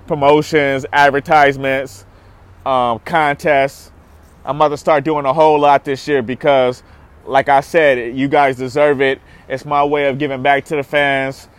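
A young man hosting his podcast outdoors in a city square, hyped and emphatic, repeating himself as he talks. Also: medium pitch. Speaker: podcast host. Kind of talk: casual podcast monologue.

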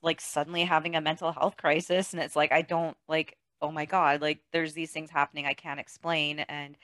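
A woman chatting casually about a film, animated, laughing often and acting out lines. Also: low-pitched, normal speed, no echo. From outside the US.

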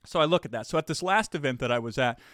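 Energetic man talking up close, dry sound. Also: a little high, fast talker, no room sound. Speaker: marketing speaker and host. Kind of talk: casual talking-head explanation.

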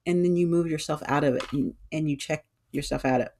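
Animated woman talking through setbacks. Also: low-pitched, fast, slight background noise. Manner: animated, acts out her own inner voices. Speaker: podcast host and tarot reader. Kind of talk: casual solo podcast talk.

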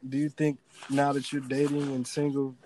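A woman's voice: very deep voice, flat delivery, moderate pace, dark tone, a little hiss or hum, low-quality recording. A woman hosting a casual chat, putting short teasing questions to her guest.

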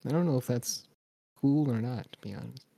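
A man's voice: mid-range voice, a little fast, gravelly, mellow. A man co-hosting a wrestling review podcast, rambling in casual chat, laughing and swearing as he tells stories. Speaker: podcast co-host.

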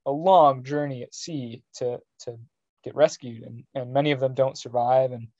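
A man's voice: mid-range voice, steady tone, moderate pace, darkish tone, no room sound, highs cut off. A young man co-hosting a podcast in casual chat, joking and rambling with restarts. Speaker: podcast co-host.

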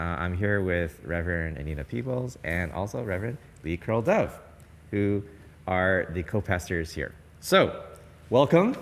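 A man's voice: deep voice, fairly bright tone, in a large hall. A man hosting a podcast interview, upbeat and eager, laughing along with his guests. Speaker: podcast host. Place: large decorated church.

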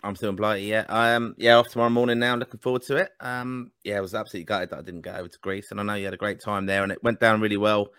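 A man co-hosting a football podcast, earnest and full of ums as he talks things through. His low voice moves along quickly, and the recording is close and dry. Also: little pitch movement, fairly bright tone, smooth, no room sound. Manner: measured, earnest, many ums. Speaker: podcast co-host. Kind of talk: casual podcast chat.

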